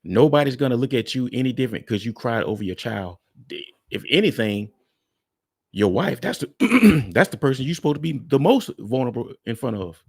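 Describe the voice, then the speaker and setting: Gravelly man giving blunt commentary. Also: medium pitch, sing-song, a little fast, no echo, clean studio sound. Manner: blunt, frank, addresses viewers as guys. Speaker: reaction video host. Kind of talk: casual commentary.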